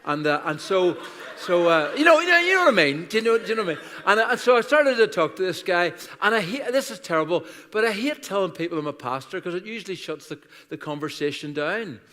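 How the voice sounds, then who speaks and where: A man's voice: high voice, animated, fast talker, fairly bright tone. Irish man in his sixties, preaching in a big hall. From Ireland. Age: 60s. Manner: chatty, self-deprecating, bursts of laughter. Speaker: guest pastor. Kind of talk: humorous sermon storytelling. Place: church auditorium. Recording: reverberant church hall.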